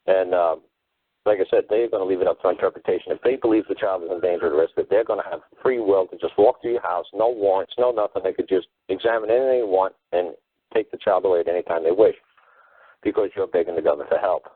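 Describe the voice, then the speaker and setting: Blunt male caller, deep raspy voice, quick delivery, dry phone-line sound. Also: no room sound. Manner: blunt, emphatic, repeats himself. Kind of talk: call-in talk show rant. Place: on a phone call.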